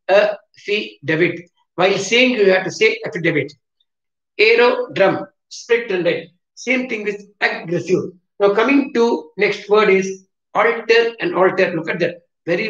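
Fields: Sex: man. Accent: South Indian English. Pitch: high. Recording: roomy, distant, dull. Role: teacher spelling words. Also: a bit bright. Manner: spells words letter by letter, repeats himself. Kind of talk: classroom vocabulary lesson. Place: classroom with a board.

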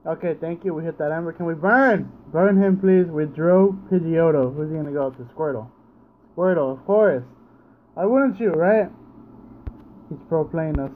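This let's play gamer's voice is fairly high and moderately paced, captured through a home setup that sounds narrow and tinny with slight background noise. Sleepy and yawning, he offers casual commentary on his game, groaning when he misses and saying things over again.

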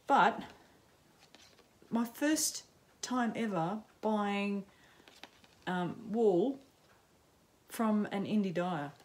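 A middle-aged Australian woman chatting casually as a knitting podcaster at home, rambling and self-mocking, with frequent ums and quick laughs. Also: medium pitch, lively intonation. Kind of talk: casual chat to camera. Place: home, in sunshine.

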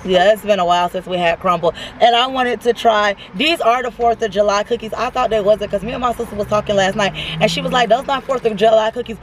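A woman's voice: mid-range voice, fast, hardly any pauses. A woman hosting a casual food review vlog from inside a car, chatty and playful with a teasing edge. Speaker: vlog host. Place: inside a car, outdoors nearby. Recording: distant mic with car and street noise.

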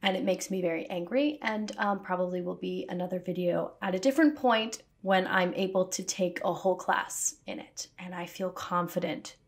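A woman's voice: lowish voice, moderate pace, hardly any pauses. A woman talking to camera in a casual, sassy way, with jokey asides. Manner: sassy, self-aware. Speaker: video essayist.

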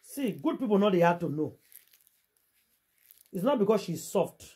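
A man's voice: high voice, very animated, moderate pace, mellow, slightly rough. A man from Nigeria speaking in a Nigerian Pidgin English accent, giving casual gossip commentary in a preachy, rhetorical way, addressing viewers directly. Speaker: gossip vlogger.

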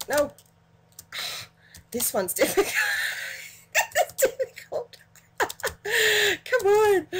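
A woman narrates her own gameplay in an excitable, giggly way, cursing cheerfully when things go wrong. She talks at a slow, drawn-out pace in a slightly high voice. Faint keyboard clicks sit underneath. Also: a little hiss or hum. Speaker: gaming channel host. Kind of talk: let's play commentary.

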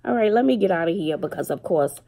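Chatty mom with a gravelly voice. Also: female voice, on the low side, fast. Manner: chatty storytelling, animated retelling with slang. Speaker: vlogger and single mother. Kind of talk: casual chat to camera.

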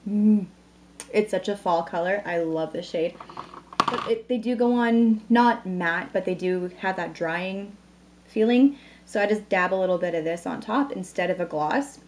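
A woman in her thirties chatting at home into a camera mic, bubbly and talkative, introducing products and a new baby. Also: mid-range voice. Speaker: beauty vlogger. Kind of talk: casual vlog chat.

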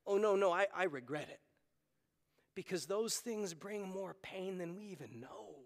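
Man, pastor, sermon, high voice, earnest and conversational, long church reverb. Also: animated, moderate pace, vocal fry. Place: church sanctuary.

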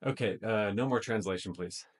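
A man's voice: lowish voice, moderate pace, slightly rough. A man casually testing a voice assistant in a tech demo video, speaking loosely with frequent ums. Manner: casual, tentative, many fillers.

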